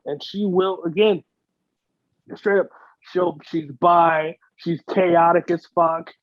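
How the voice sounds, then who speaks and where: A man's voice: a little high, fairly even intonation, takes it slowly, no echo. A man co-hosting a podcast in casual chat, swearing freely and rambling through comedic riffs. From United States. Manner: profane, rambling, mock-voices. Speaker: podcast co-host. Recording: dull lo-fi dry sound.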